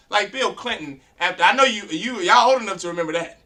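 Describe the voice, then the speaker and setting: Fiery, high-voiced man preaching a lecture. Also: expressive, fast talker, sharp tone. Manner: confrontational, fires rhetorical questions at students; blunt, crude street talk. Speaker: class teacher. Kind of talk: preaching-style lecture to a class.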